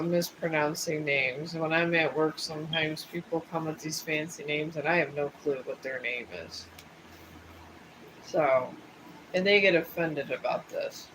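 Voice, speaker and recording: Male tarot reader on a livestream; high-ish voice, rambling and chatty, laid-back. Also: a bit bright, a little hiss or hum, low-quality recording. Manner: rambling and chatty, drifting between topics. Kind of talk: casual livestream chat. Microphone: streaming setup.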